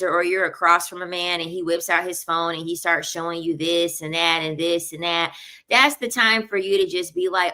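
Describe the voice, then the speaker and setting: A woman's voice: lowish voice, normal speed, bright, forceful tone. A woman in her thirties giving blunt, emphatic opinions in a casual commentary, often repeating her points. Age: 30s. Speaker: online commentator.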